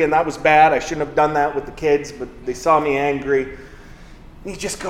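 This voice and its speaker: A pastor preaching a sermon in a church, telling everyday stories in a conversational, self-mocking way. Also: male voice, fairly high pitch, normal speed, echoey room, slight background noise.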